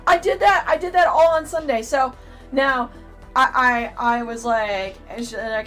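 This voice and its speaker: Animated, swearing woman telling a story. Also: fairly high pitch, a little fast, faint music behind. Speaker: podcast co-host. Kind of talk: casual convention review chat.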